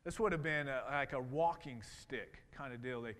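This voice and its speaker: This thirtysomething pastor delivers a sermon at normal speed in a mid-range, fairly bright voice. He speaks conversationally, with lots of fillers and restarts, and a hall adds long reverb.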